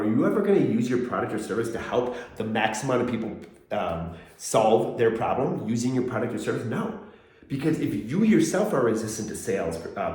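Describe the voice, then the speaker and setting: A man giving a casual motivational talk with a lively, swooping delivery. He slips into little acted-out quotes while telling a personal story. His voice bounces around a strongly echoing room. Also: mid-range voice. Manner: animated storytelling, acts out quotes. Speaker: motivational host. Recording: very echoey room.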